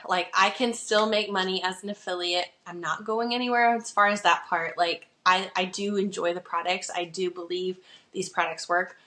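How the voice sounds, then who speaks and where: A woman's voice: mid-range voice, sharp tone. A woman in her thirties hosting a podcast, telling her own story candidly in a chatty way, full of "like" fillers. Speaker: podcast host. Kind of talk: casual personal storytelling.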